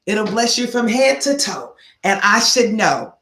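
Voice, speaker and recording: A woman's voice: medium pitch, very animated, unhurried, fairly bright tone. A middle-aged woman giving casual motivational advice to her viewers, telling stories and repeating key phrases like a preacher. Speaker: vlog host giving life advice. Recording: roomy echo.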